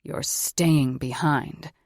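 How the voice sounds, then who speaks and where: A woman's voice: a bass voice, steady tone, very slow, darkish tone, no room sound, clean studio sound, pitched below the performer's own voice, exaggerated voice. A woman voicing a brooding male wolf shifter possessed by a demon, terse and cold in an audiobook. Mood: menacing. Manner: terse, cold, flaring into snarls. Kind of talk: audiobook character voice.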